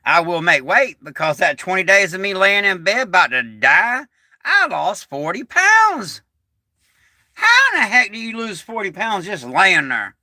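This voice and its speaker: Middle-aged male livestream host, folksy storyteller, still getting over being sick, lively up-and-down delivery. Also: sits high, unhurried, dry recording, clean studio sound. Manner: folksy, rambling, animated. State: recovering from illness. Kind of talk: casual livestream chat.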